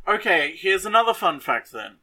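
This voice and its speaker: A man's voice: sits high, big pitch swings, moderate pace, pushed and bright. A man co-hosting a casual podcast, teasing his partner and cutting in with playful corrections. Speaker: podcast co-host. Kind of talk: casual chat.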